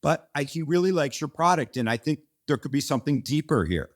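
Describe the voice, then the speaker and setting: A man's voice: fairly high pitch, brisk. Rambling man telling a founder story. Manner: rambling and animated, frequent restarts and mild swearing. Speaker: company founder, guest. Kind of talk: casual storytelling interview.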